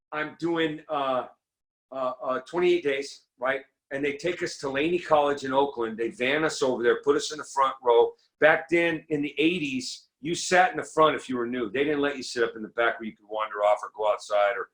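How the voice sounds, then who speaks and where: Animated middle-aged man telling jokey stories. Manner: animated storyteller, acts out quotes in a higher voice. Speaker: recovery meeting speaker. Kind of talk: comedic recovery talk.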